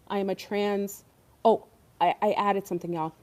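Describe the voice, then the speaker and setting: Woman host for a casual online talk stream; warm, darker voice, rambling and emphatic. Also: medium pitch, steady tone, fairly quick. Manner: rambling, emphatic, many fillers.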